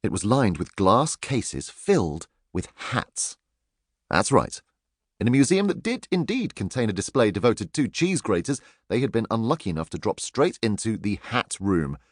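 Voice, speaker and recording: A man narrating a children's audiobook in an expressive, playful storytelling manner. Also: fairly low pitch, moderate pace, no room sound, studio quality.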